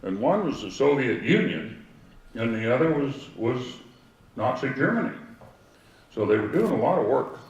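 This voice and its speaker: A man's voice: mid-range voice, sing-song, normal speed, highs cut off. An older man telling rambling family stories and anecdotes to a gathered audience. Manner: rambling anecdotal storytelling with asides. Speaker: speaker telling family history. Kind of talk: storytelling talk to a gathering. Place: outdoor history event with audience. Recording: echoey, distant from the mic.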